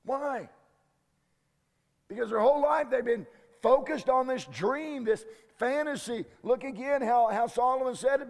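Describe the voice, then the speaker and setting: A man's voice: very high-pitched, measured pace, big-room sound. A man pastor preaching a sermon in an emphatic way, often repeating words as he restarts.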